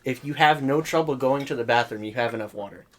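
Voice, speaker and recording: A young man co-hosting a podcast, making dry, deadpan, teasing remarks. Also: mid-range voice, quick pace. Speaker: podcast co-host. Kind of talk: casual chat.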